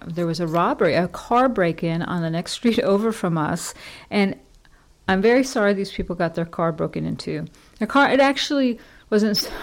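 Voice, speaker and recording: A woman rambles through a casual home podcast, chatty and self-deprecating. Her voice sits a little low, and she drifts from one aside to the next, talking from her kitchen. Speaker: podcast host.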